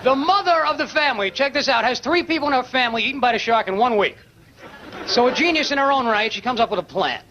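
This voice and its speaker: High-pitched stand-up comic, live crowd. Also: male voice, expressive, fast talker, background noise. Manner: incredulous, mocking storytelling. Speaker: stand-up comedian. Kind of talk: stand-up set on a late-night show. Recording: dull old broadcast tape, loud audience. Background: audience laughter.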